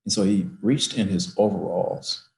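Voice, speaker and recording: An older man telling a heartfelt personal story at an unhurried pace over a video call. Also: low voice, creaky, a little mellow, reverberant. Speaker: guest speaker.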